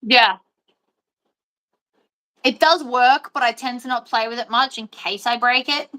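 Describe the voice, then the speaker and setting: A woman's voice: fairly high pitch, unhurried, bright, forceful tone. A woman chatting casually and rambling while she sews. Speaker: sewing host. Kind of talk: casual chat while sewing.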